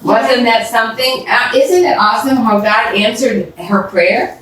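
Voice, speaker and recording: A woman storyteller reading a children's story aloud, with an animated manner, recorded in an echoey room from a distance. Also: a little high, unhurried. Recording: roomy echo from a distance.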